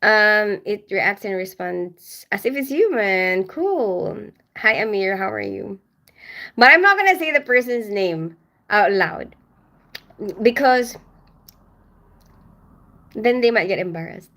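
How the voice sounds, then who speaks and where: A woman's voice: medium pitch, expressive, takes it slowly, long pauses, sharp tone. A middle-aged woman from the Philippines hosting a casual livestream from home, reading comments and greeting viewers by name with frequent laughter. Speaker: livestream host.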